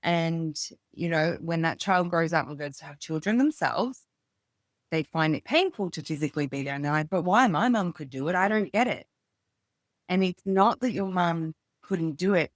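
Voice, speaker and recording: A woman in her thirties, a podcast guest speaking casually and reflectively, thinking aloud with pauses. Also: deep voice, no echo, clean studio sound. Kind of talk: casual conversation.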